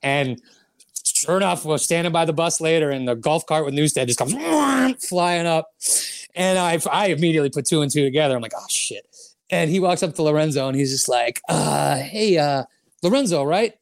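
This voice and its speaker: Brief: male guest, gravelly and fairly high voice, casual storyteller. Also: expressive, moderate pace, no room sound, clean studio sound. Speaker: guest musician. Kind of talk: casual chat, telling stories.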